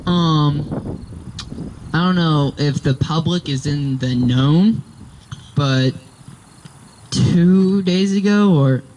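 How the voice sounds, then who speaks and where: A fairly high-voiced young man rants casually to camera, exasperated and rambling with plenty of fillers. A faint hum of crickets and outdoor ambience sits behind him. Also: extremely slow, pauses often, a little mellow, rough recording. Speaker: vlogger. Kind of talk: casual ranting vlog.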